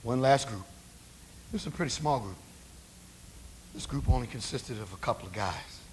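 A man's voice: medium pitch, animated, moderate pace, slight background noise. A male preacher giving a conversational sermon, asking rhetorical questions of the congregation.

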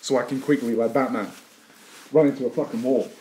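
A man playing a brash, boastful young London wannabe rapper in an improvised comedy rant, swaggering and crude, with a put-on London accent and sudden shouts. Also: medium pitch, fairly even intonation, fairly quick, slight background noise, pitched below the performer's own voice, natural voice. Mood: aggressive.

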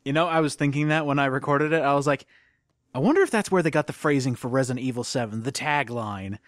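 A man's voice: medium pitch, fast talker, no echo, clean studio sound. A young man giving chatty, jokey let's play commentary. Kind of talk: casual gameplay commentary.

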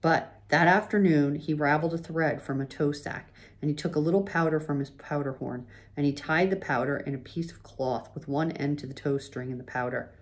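A woman reading a children's chapter book aloud, gently pausing to show pictures. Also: sits low. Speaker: reader.

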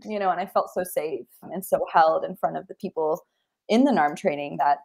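A woman therapist with a slightly low voice talks earnestly in an interview. She sounds heartfelt and reflective, and she speaks from personal experience. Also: normal speed, vocal fry, a little mellow. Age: young adult. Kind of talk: interview conversation.

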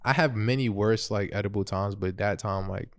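A man's voice: fairly low pitch, moderate pace. A young man, casually telling a funny personal story as a podcast host, laughing through it. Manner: laughs through his story, animated, quotes himself.

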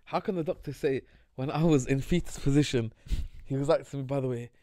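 A young man rambling through goofy stories on a podcast. His voice sits at an ordinary middle pitch, and the recording is dry and close. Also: brisk, dark tone, no echo. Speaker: podcast co-host. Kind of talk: casual chat.

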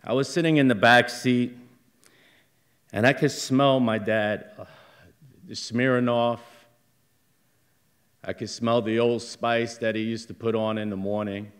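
A middle-aged man telling a personal story live on a theater stage, in a slow, halting delivery that flares up at times. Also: mid-range voice, fairly even intonation.

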